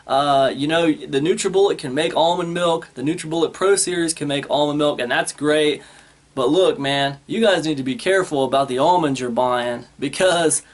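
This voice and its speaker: A man's voice: a little high, normal speed. A man vlogging an angry warning to viewers, cussing freely and retelling a phone call in a heated, exasperated way. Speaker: product review vlogger. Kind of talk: angry rant to camera.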